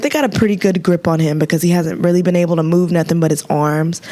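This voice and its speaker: A young woman, a nurse, telling a story in a casual, animated way, laughing and acting out the people in it. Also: fairly low pitch, no echo. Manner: animated, laughing, quotes people in lively voices. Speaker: nurse and podcast host.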